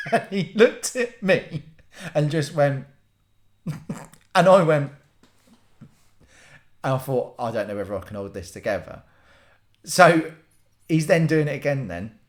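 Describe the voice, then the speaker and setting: Animated man telling stories. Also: on the high side. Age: 30s. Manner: animated, laughing, sweary, skeptical storytelling. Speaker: vlogger. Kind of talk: casual storytelling monologue.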